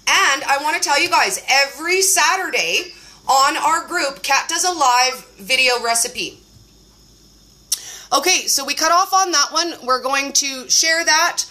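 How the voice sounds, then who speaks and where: A woman hosting a casual phone livestream chat, bubbly and effusive and quick to laugh. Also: high-pitched, lively intonation, bright, forceful tone. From Canada. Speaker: host. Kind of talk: casual live-stream chat.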